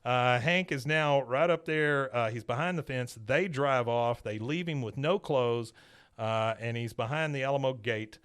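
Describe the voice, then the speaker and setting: A man hosting a podcast, recapping a cartoon episode in a casual, animated way and chuckling often. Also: mid-range voice, unhurried, clear, resonant tone. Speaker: podcast host.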